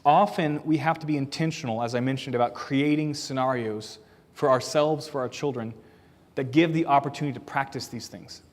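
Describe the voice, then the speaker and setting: A man's voice: medium pitch, fairly quick. A man preaching a sermon as a pastor, earnest and plain-spoken, asking the congregation questions as he teaches. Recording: long reverb of a church hall.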